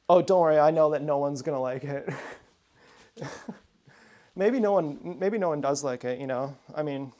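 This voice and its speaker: A man's voice: fairly high pitch, moderate pace, pauses often, mellow. Rambling, profane man talking to camera. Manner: meandering, profane, muttering asides. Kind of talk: rambling casual monologue. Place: at home indoors.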